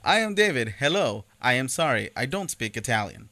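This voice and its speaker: A man doing an impression of a friendly adult male rock star, reading a translated message in an earnest, halting way. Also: medium pitch, very animated, sharp tone, no room sound.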